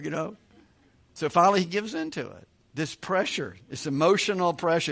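A man's voice: sits high, animated, quick pace, creaky, fairly bright tone. A man preaching verse by verse through a Bible passage, reading aloud and adding casual, joking asides. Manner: conversational, joking asides, chuckles often. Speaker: pastor.

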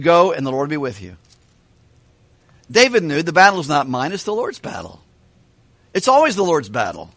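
Animated, higher-voiced male preacher. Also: no room sound. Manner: animated, asks questions of the congregation. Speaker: pastor. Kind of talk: sermon. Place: church hall with a kitchen.

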